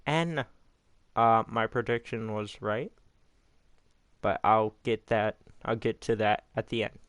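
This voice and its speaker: A man recapping results in a slow, unhurried delivery, rambling and opinionated and not shy about swearing. His voice is smooth and clear, recorded close in a dry room. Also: fairly low pitch, a bit bright, no echo. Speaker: YouTube wrestling recap host. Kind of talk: casual recap commentary.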